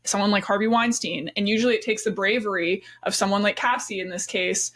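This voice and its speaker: A woman co-hosts a casual podcast chat in a mid-range voice. She talks in an animated, chatty way and breaks into laughter easily. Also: mid-range voice, a little fast. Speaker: podcast co-host.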